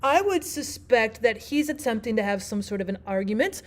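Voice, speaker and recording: A woman teacher narrating a lesson, explaining clearly and asking the listener questions. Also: on the high side, expressive, moderate pace. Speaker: language arts teacher.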